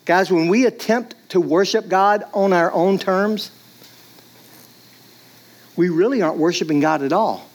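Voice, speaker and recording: A man's voice: high voice, a little slow, long pauses. A man preaching a sermon in a casual, conversational way, often saying "like". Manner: casual, conversational, many "like"s, acts out voices. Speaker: pastor.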